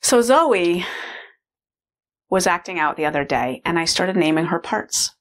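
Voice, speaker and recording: Low-voiced woman rambling through a story. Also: lively intonation, unhurried. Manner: rambling, heavy use of "like" fillers. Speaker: mother. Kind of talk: casual personal storytelling.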